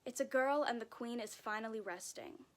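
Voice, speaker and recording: A woman reading a storybook aloud voices a brisk castle midwife announcing news to the king. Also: on the high side, natural voice.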